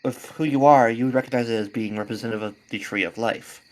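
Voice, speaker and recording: A woman's voice: extremely low pitch, fast. A woman game master describing the scene in a tabletop game, in a casual tone with small fillers.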